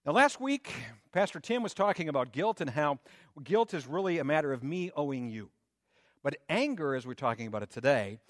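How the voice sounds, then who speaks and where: A man's voice: medium pitch, dry recording, clean studio sound. A man preaching a sermon, with rising emphasis, rhetorical questions and a conversational tone. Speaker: pastor.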